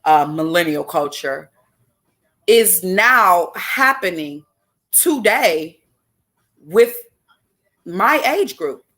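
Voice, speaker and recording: Fiery young woman host, low voice. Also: lively intonation, drawn-out words, long pauses, a bit bright. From Chicago. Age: 20s. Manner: emphatic, preachy, addresses listeners directly with repeated "okay?". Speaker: podcast host. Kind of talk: casual spoken monologue.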